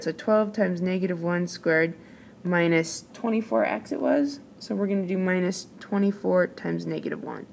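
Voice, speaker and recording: A woman's voice: mid-range voice, creaky. A woman math teacher explaining a calculus lesson patiently, step by step, as she writes.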